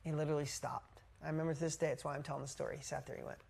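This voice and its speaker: A woman business coach telling a motivational story to a live group, energetic and blunt, swearing casually. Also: deep voice, rapid-fire, creaky, husky.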